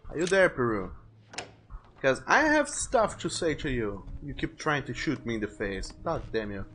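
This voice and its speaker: Chatty streamer with a lively voice. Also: male voice, medium pitch, normal speed, slight background noise. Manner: joking, chatty. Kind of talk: casual let's-play commentary.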